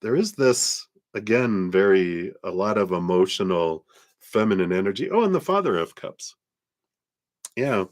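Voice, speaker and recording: A man reading tarot cards on a live stream, talking in a gentle, reflective way and laughing often. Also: lowish voice, sing-song, a little slow. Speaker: tarot reader.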